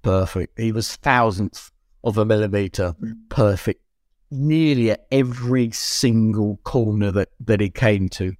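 A man co-hosting a casual podcast chat, animated and often exclaiming. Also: on the low side, measured pace, dry recording, studio quality. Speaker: podcast co-host.

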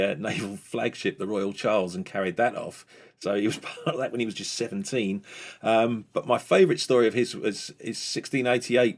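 A man's voice: on the low side, creaky. A man telling a long story in a chatty, hesitant way, with many fillers and small laughs. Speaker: author guest. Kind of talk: conversational storytelling.

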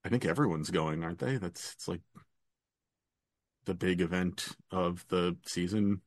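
Man, very low voice, dry close sound, halting, in-character player. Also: no echo. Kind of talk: in-character tabletop play.

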